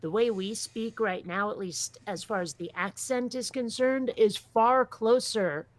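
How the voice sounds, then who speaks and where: A woman's voice: a little high, a little slow, no echo. A woman guest in a casual chat, blunt and sarcastic, still sleepy.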